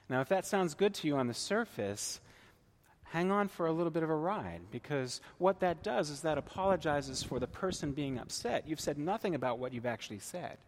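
A male pastor delivers a sermon in an easy, conversational way, often pausing to check that his listeners follow. His voice sits at an ordinary middle pitch, and a long reverb from a large church hall trails after his words.

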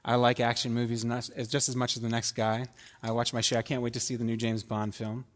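A pastor preaching in an easy, conversational way, with a voice of ordinary middle pitch. He puts questions to the congregation and plays out little dialogues. A long hall reverb trails after his words. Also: little pitch movement, a little fast. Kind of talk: sermon.

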